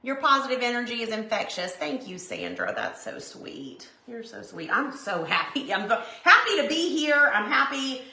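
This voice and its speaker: A woman's voice: on the high side, wildly swooping pitch, normal speed, gravelly, hardly any pauses, pushed and bright. Gushing woman in a roomy room. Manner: chatty and gushing, reads viewer comments aloud. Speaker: craft live-stream host. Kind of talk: casual live-stream chat while painting.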